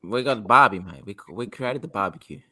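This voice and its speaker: A young Australian man with an Australian accent, chatting casually on a podcast, rambling, excitable and swearing a lot. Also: lowish voice, brisk. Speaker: podcast co-host. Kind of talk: casual chat.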